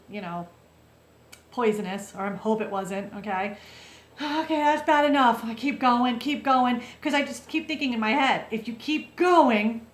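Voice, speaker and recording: A woman vlogger telling a story to the camera in a casual, animated way, often checking in with her viewers. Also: medium pitch, echoey room.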